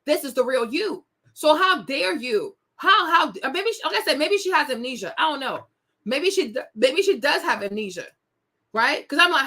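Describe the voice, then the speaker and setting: A woman's voice: sits high, sing-song, normal speed, bright, forceful tone. A young woman hosting a celebrity gossip show, talking in a sassy, indignant way straight to her viewers. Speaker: host. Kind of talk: casual celebrity gossip commentary.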